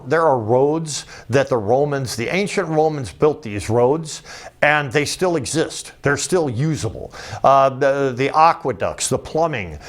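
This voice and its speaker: A man talks through his slides in a loose, conversational lecture, drifting between points and restarting sentences often. He speaks at an ordinary middle pitch and drops in wry, joking asides. He sounds like a commentator thinking out loud rather than reading a script. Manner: rambling, digressive, with frequent restarts. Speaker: political commentator. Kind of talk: informal lecture over slides.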